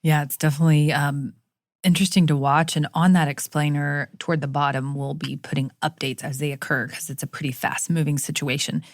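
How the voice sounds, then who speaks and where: A woman's voice: low voice, flat delivery, a little fast, dry recording. A woman with an East Tennessee accent co-hosting a news podcast, chatting in a playful, teasing way. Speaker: podcast co-host. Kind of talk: casual news discussion.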